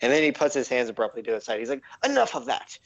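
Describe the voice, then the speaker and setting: A man narrating a tabletop game as game master, halting and full of ums and likes. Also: medium pitch, dull audio.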